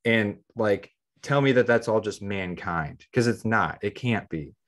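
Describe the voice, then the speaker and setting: A man chatting loosely as a podcast co-host, his voice sitting a little low. He rambles, fills his talk with "like" and keeps restarting sentences as he works out his point. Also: measured pace. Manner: rambling, heavy use of "like". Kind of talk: casual podcast chat.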